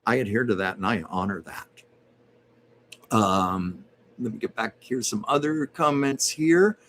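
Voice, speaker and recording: A man's voice: fairly low pitch, measured pace, fairly bright tone. Guy rambling on a home livestream reading out comments, chatty medium vibe, bit of room noise. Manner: chatty, rambling, reads viewer comments aloud. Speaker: livestream host and psychic medium. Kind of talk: casual livestream chat.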